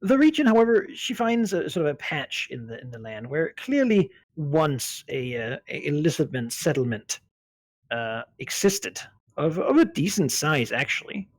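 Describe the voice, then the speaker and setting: Husky-voiced male game master, full of fillers. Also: a little high, sing-song, normal speed, no room sound. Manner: hesitant, many fillers. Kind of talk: narrating a tabletop game.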